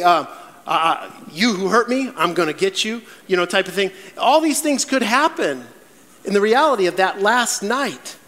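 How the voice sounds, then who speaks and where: High-voiced, animated preaching man. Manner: animated storytelling with acted-out voices. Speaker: pastor. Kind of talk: sermon. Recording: echoey hall with long reverb.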